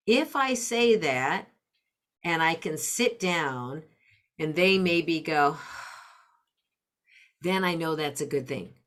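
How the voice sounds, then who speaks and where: A woman's voice: on the low side, animated, slow, long pauses, fairly bright tone. A middle-aged woman, a parenting coach and podcast guest, explaining step by step and acting out example phrases. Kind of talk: explanatory interview talk.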